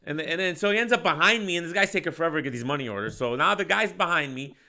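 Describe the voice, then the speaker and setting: A man's voice: a little high, rapid-fire, creaky, a little hiss or hum. A man telling a story in casual chat, acting out the people in it and laughing often. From Michigan, United States. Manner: animated storyteller, acts out voices, laughs often. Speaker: podcast host.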